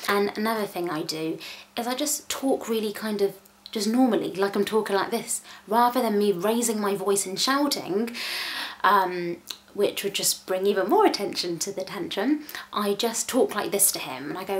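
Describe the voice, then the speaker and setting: A woman's voice: mid-range voice, normal speed. A mother chats straight to camera about her son in a casual home vlog. She is candid and chatty and laughs at herself. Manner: chatty, candid, self-mocking. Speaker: vlogger, mother.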